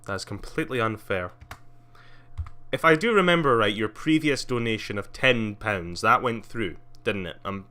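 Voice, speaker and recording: Young male streamer, lower register, bright tone, loose chatty delivery full of ums. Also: lively intonation, moderate pace. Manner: rambling, many fillers, laughs often. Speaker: live streamer. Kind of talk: casual live-stream chat.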